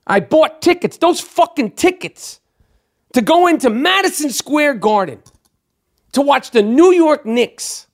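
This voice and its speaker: A man hosting a sports podcast, talking in a profane, animated, rambling way. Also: extremely high pitch, unhurried. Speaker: podcast host. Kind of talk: casual sports podcast rant.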